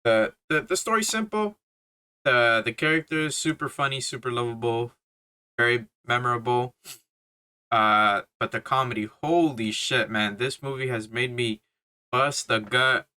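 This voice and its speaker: A man's voice: mid-range voice, measured pace, bright, forceful tone. A young man giving a casual, rambling movie review, full of slang, swearing and fillers. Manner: swears a lot, laughs, filler-heavy slang.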